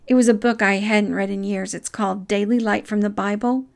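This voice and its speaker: A middle-aged woman giving a reflective devotional talk, earnest and soft-spoken, with measured pauses. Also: mid-range voice, steady tone, creaky.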